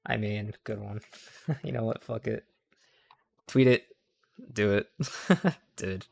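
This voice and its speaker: A man's voice: fairly low pitch, slow, gravelly, darkish tone, soft background music. A young man streaming casual political commentary, rambling, swearing freely and cutting himself off mid-sentence. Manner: profane, rambling, self-interrupting.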